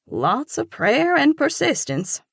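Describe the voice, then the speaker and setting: A woman voicing a kind, devout older mother who speaks in an earnest, gently encouraging way. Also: high voice, huge pitch swings, takes it slowly, gravelly, no echo, clean studio sound, voice pushed up, heavily acted.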